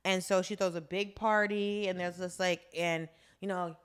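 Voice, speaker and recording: A woman's voice: fairly low pitch, moderate pace, clear, resonant tone. Woman podcast cohost, chatty recap, does the characters' lines. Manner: animated storyteller, acts out characters' lines. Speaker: podcast co-host. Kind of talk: casual chat recapping a drama.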